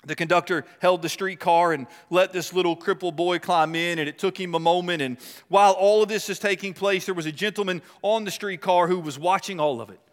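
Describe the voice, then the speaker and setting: A man preaching a sermon with impassioned delivery, swinging between loud and hushed. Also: sits high, steady tone, a little fast, few pauses. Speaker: pastor. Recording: long reverb of a large hall.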